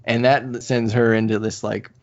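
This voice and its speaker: A man co-hosting a podcast in casual chat, recapping a story with animated retellings and quotes. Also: mid-range voice, normal speed, lo-fi sound. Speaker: podcast co-host.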